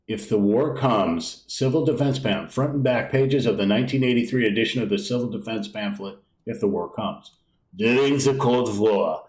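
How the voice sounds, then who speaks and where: A man's voice: on the low side, moderate pace, echoey room, poor audio. A man streaming a video game live, rambling casually, swearing now and then and reading on-screen text aloud. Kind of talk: casual live gameplay commentary.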